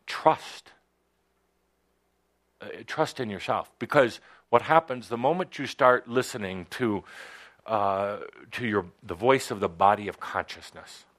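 A man teaching a spiritual workshop to a studio audience, talking in halting phrases with frequent pauses. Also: fairly low pitch, a bit bright. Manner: halting, hesitant with many pauses and fillers.

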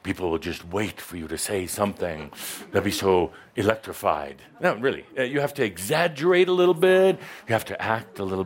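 A man giving a playful spiritual talk to a live audience, teasing the listeners and acting out little voices. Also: low voice. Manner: theatrical, teasing, acts out voices. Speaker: spiritual teacher addressing a live group.

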